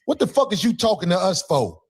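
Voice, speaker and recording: A man giving heated casual commentary, ranting and mocking in a profane, animated way. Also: high voice, fast talker, husky.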